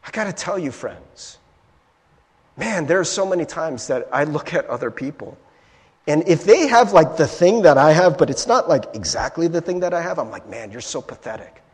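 Animated preaching man in an echoey hall. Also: on the high side, normal speed. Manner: animated and conversational, keeps asking "right?". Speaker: pastor. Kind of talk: sermon. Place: church sanctuary. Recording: long reverb of a large hall.

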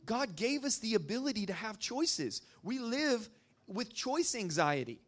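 High-voiced with big pitch swings and a fairly bright tone, a young man from Arkansas, USA, speaks a little slowly. He's at a church gathering, informally rambling through a story for a live audience, with lots of fillers.

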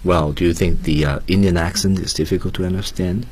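Deep husky male radio teacher. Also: fairly even intonation, a little fast, darkish tone. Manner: patient, stresses key phrases. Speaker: radio English teacher, co-host. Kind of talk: explaining vocabulary to students.

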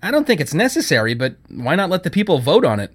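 A man's voice: fairly high pitch, very animated, fast, husky, voice pushed up. A man reading a story, voicing a nervous young man who is flustered and hesitant. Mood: placating.

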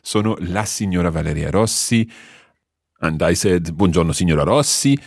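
Male tutor, very low husky voice, lively intonation, patient explainer. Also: moderate pace, no room sound, clean studio sound. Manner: patient, explains step by step and quizzes the learner. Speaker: language teacher. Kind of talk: explaining a language lesson.

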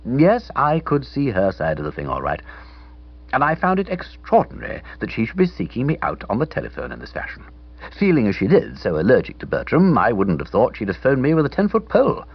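A man's voice: medium pitch, wildly swooping pitch, a little fast, slightly rough, dull audio. A man narrating a comic novel in the first person, in a wry, theatrical reading style. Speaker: audiobook narrator.

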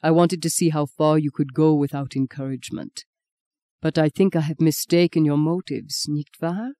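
A woman reading the part of a tender man with a German accent, speaking softly and low. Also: steady tone, normal speed, no room sound, studio quality. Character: tender German man, soft-spoken lover.

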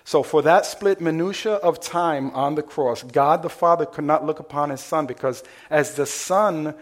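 This man's voice sits on the high side at a moderate pace. He's a pastor preaching in church in a conversational style, putting questions to the congregation.

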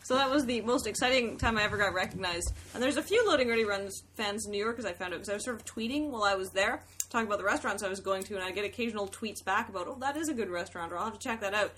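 A young adult woman co-hosting a casual podcast chat, telling stories animatedly and acting out quoted lines loudly. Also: medium pitch, very fast, hardly any pauses, slight background noise. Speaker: podcast co-host.

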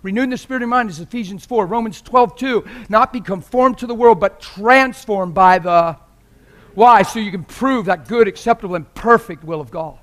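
A man preaching as a visiting preacher in a church, passionate and joking, often laughing mid-sermon, sometimes quiet and sometimes loud. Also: sits high, moderate pace.

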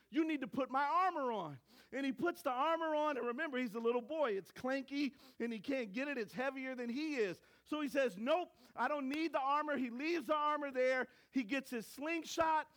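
A male pastor preaching a sermon, telling stories in an animated way and acting out the voices of people in them. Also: very high-pitched. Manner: storytelling, animated, acts out voices.

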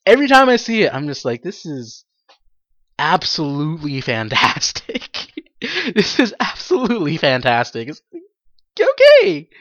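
A young adult host giving a casual solo podcast monologue, excitable and rambling, laughing often and swearing freely. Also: mid-range voice, no room sound. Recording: dull lo-fi dry recording.

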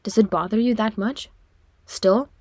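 A woman voicing a proud male dwarf lord who speaks low, weary and measured, for an audiobook reading. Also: a little mellow, no echo, clean studio sound, natural voice.

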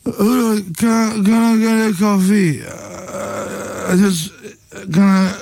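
Man impersonating a halting, mumbling aging rock star, dazed and stammering. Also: high voice, level tone, creaky, a little mellow, pitched above the performer's own voice, heavily acted. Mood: muddled.

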